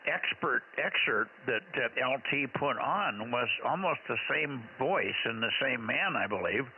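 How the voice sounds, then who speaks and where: Male ham radio net controller, halting and rambling, thin radio band, faint hiss. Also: medium pitch, expressive, phone-quality sound. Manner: rambling, halting with many fillers. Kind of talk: casual radio chat.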